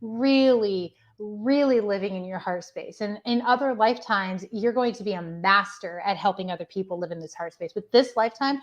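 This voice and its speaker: A woman giving gentle, affectionate channeled readings on a live stream. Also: medium pitch. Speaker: spiritual medium giving readings.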